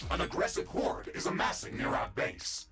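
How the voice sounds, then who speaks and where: An actor playing a male mech-suit computer announcer, giving flat, clipped base alerts over game music. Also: normal speed, natural voice. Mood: warning.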